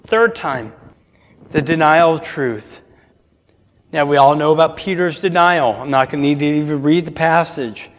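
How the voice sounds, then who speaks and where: A man's voice: fairly high pitch, moderate pace, big-room sound. A man preaching a sermon as pastor, asking the congregation call-and-response questions.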